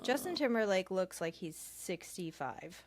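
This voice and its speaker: A woman's voice: mid-range voice, expressive, unhurried, dry recording. A young woman co-hosting a podcast in casual, teasing chat. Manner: playful, teasing, laughs often. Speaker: podcast co-host.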